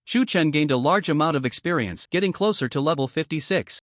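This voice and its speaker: A man narrating a fantasy story recap in a dramatic, expressive storytelling manner. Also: a little high, brisk, dry recording, clean studio sound.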